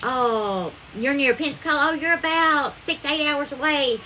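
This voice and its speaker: Southern lady doing a live cooking stream, high bright voice, sweet and chatty, calls everyone darling, bit of kitchen noise. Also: normal speed. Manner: effusive, calls viewers darling, thanks them by name. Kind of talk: casual live-stream chat and cooking demo.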